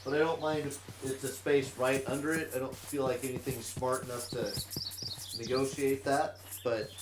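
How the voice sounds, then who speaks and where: A man chatting through a gameplay stream at a middle pitch, narrating what he does and humming little tunes between thoughts. He sounds set back from the mic in a roomy space. A clear hiss of noise runs under his voice. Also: level tone, normal speed, far from the mic. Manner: chatty, hums tunelessly to himself while working. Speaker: streamer playing a modded block game in VR. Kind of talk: casual let's-play commentary.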